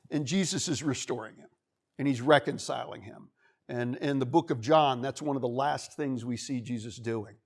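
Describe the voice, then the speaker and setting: A man preaching a sermon in a church, talking in a conversational way and acting out the voices of the people he quotes. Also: on the high side. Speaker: pastor. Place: church sanctuary.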